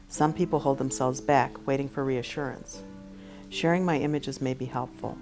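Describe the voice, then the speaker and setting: A middle-aged woman, an art therapist, narrating in a soft-spoken, earnest, measured way. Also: very deep voice. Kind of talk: reflective spoken-word narration.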